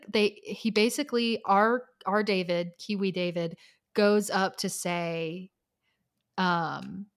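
A woman chats on a podcast, retelling a documentary with lively acted-out quotes and easy swearing. Her voice sits in a middle register, neither high nor low. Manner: animated storyteller, acts out quotes, swears casually. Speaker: podcast co-host. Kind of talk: casual chat recapping a documentary.

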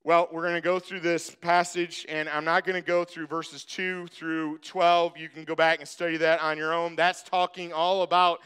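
Bright, high-voiced preaching man. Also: little pitch movement, moderate pace, hardly any pauses, clean tone. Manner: emphatic preaching with repeated phrases; speaks to the congregation directly. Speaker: pastor. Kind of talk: sermon.

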